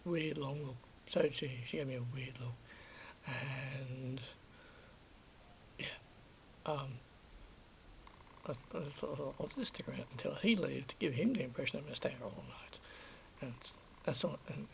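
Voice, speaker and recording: A man's voice: medium pitch, unhurried, vocal fry, pauses often. A man telling a rambling personal story to camera, still worked up on adrenaline and quoting others as he goes, with lots of repeats and restarts. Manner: repetitive, restarts often, quotes others. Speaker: vlogger. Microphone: camera or phone mic. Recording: lo-fi audio with faint hiss.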